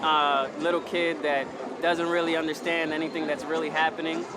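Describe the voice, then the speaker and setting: A man's voice: fairly high pitch, flat delivery, normal speed, background noise. A man explaining a cartoon's story in a casual interview, with many fillers.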